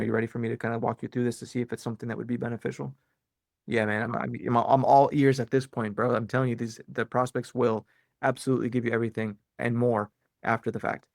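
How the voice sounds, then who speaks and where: Casual bro-talking sales coach, dry mic. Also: male voice, medium pitch, vocal fry, no echo. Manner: casual, bro-ish, fillers like "right?" and "man". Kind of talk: live training call.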